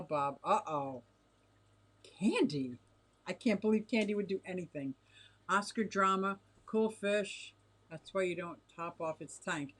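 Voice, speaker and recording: A middle-aged woman hosting a casual livestream from her home, chatting and giggling as she reacts to viewer comments. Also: mid-range voice. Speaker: livestream host reading chat. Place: home fish room with tanks.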